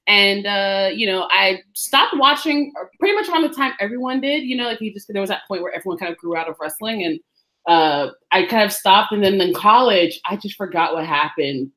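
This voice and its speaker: Mulher jovem risonha, voz brilhante. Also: female voice, medium pitch, bright, forceful tone. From US East Coast. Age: 20s. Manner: giggly, lots of ums. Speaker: podcast guest. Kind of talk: casual chat.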